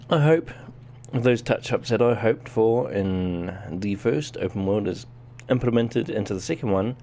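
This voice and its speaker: A man's voice: fairly low pitch, expressive, slow pace, warm tone, a little hiss or hum. A man with a New Zealand accent giving casual live-stream commentary while playing a game, chatting to his viewers as he goes. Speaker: gaming streamer.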